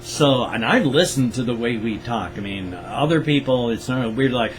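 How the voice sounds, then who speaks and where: A man's voice: medium pitch, lively intonation, normal speed, faint music behind, poor audio. An older man from the Pacific Northwest with its accent, chatting in a rambling, self-correcting way in a casual solo vlog. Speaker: vlogger.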